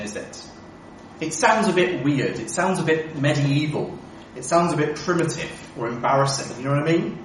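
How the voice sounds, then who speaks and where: A man delivers a sermon in an echoey church, recorded from some distance away. His pitch rises and falls a lot as he drives home each point with rhetorical questions. The voice sits a little higher than most men's, with faint room noise behind. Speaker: preacher.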